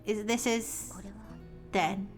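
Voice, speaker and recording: A woman's voice: medium pitch, steady tone, very slow, over music. Woman reading an anxious schoolgirl's thoughts. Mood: hurt. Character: anxious teenage girl narrator, club president.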